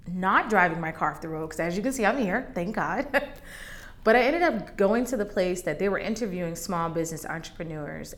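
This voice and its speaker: A woman's voice: fairly low pitch, a bit bright. A woman hosting a faith podcast, candidly sharing a personal testimony in a conversational way that turns emotional at times. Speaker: podcast host.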